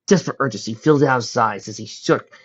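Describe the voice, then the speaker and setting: A man's voice: mid-range voice, quick pace, a bit bright. A man reading fan fiction aloud in a plain manner, with some slips. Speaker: audiobook reader. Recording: dull lo-fi recording.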